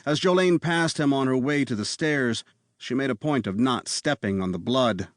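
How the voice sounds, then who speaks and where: Guy narrating a thriller audiobook, steady and tense, dry studio sound. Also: medium pitch, no room sound. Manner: measured, tense thriller reading. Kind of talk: scripted narration.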